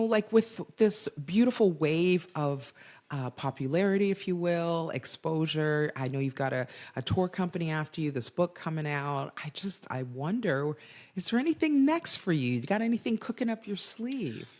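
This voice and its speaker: A woman hosting an interview podcast, asking questions and cheering her guest on. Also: sits low. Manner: warm, encouraging, laughs often. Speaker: podcast host. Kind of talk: interview conversation.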